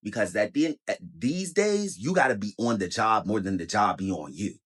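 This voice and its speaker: A man's voice: fairly low pitch, lively intonation, moderate pace, fairly bright tone, breathy edge. A man telling a story in a casual rant to camera, heated and swearing a lot.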